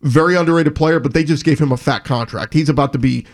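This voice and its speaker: A man's voice: on the high side, quick pace. A man co-hosting a sports talk show, reading a report and talking through player options. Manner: conversational, reads reports then lists players. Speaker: sports talk radio co-host.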